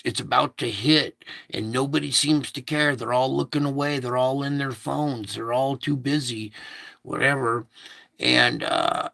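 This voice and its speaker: A man's voice: mid-range voice, gravelly, bright, forceful tone, no echo. A man recounting a recurring dream in a rambling, repetitive casual monologue, stopping now and then to fiddle with his equipment.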